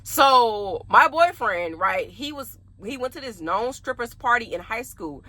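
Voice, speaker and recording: A woman's voice: fairly high pitch, expressive, measured pace, sharp tone, a little hiss or hum. A young adult woman telling a story to her viewers in casual chat, laughing often and addressing them directly. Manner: chatty, laughs often, talks straight to viewers. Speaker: vlogger.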